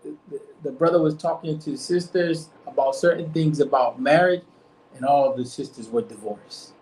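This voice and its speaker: A man's voice: on the high side, moderate pace, darkish tone. A man leading an informal religious discussion with a small group, rambling and repeating himself, often asking "you see what I'm saying?". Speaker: study circle leader. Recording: echoey room, mic far off, faint noise.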